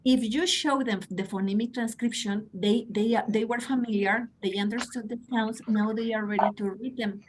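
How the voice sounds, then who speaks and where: A fairly high-pitched woman in her forties with a Mexican Spanish accent, coaching teachers on pronunciation. She talks with eager, coaxing energy, often calling her listeners "guys.". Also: fairly even intonation, moderate pace, few pauses, slight background noise, low-quality recording. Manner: enthusiastic, coaxing, addresses audience as guys. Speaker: pronunciation trainer. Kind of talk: online teacher workshop.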